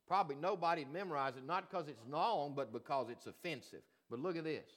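A man preaching a sermon as pastor, swinging from loud emphatic lines to quiet, low ones. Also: fairly quick.

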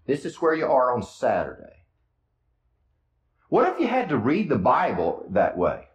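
A man's voice: medium pitch, wildly swooping pitch, a little slow, reverberant, poor audio. A man preaching a sermon with a Midwestern American accent, retelling scripture in casual, storytelling words. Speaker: pastor.

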